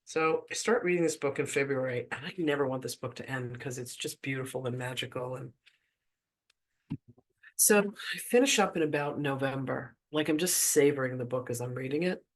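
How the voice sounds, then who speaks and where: A man's voice: medium pitch, moderate pace. Chatty man telling a spiritual story. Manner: casual, chatty, many "like" asides. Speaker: spiritual teacher. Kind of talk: personal storytelling in a spiritual talk.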